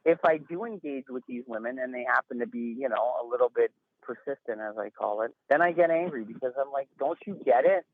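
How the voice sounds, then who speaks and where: A man's voice: medium pitch, brisk, no echo. A man on a phone call, talking in an emphatic, rambling, exasperated way as an interview guest. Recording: tinny phone line.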